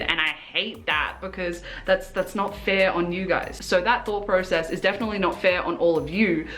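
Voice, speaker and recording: A young woman talking straight to camera as she does her makeup, in an average-pitched voice. She rambles in a chaotic, earnest way, full of fillers and little restarts. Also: fairly bright tone. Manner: earnest and self-reflective. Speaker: beauty vlogger. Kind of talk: casual confessional chat while doing makeup.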